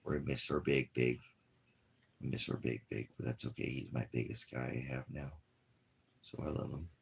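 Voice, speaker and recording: A man's voice: a bass voice, fairly even intonation, normal speed, vocal fry, husky. A man on a casual live stream, talking to his puppy in rambling, playful, affectionate baby talk.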